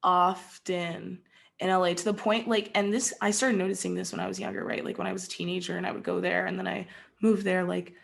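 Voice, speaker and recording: A woman's voice: on the low side, little pitch movement, a little fast, vocal fry. A young adult woman hosting a casual podcast conversation, candid and incredulous, speaking with many fillers. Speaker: podcast host.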